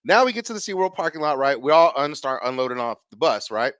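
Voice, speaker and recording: A man in his thirties hosting a podcast, telling a rambling, profane story in a casual, animated way, acting out what people said. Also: mid-range voice, fast talker, smooth, no room sound. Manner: animated, profane, swings loud and quiet while acting out quotes. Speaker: podcast host.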